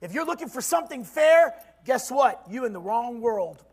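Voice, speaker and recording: A man preaching a sermon in a shouting, call-and-response style, swinging from loud cries down to quiet low stretches. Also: sing-song, moderate pace, breathy edge.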